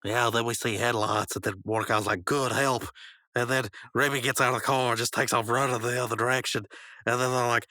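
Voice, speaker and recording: A man co-hosting a podcast, casually recapping a cartoon episode in a rambling, animated way. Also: medium pitch, fast, no echo. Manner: rambling, animated, acts out quotes. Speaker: podcast co-host.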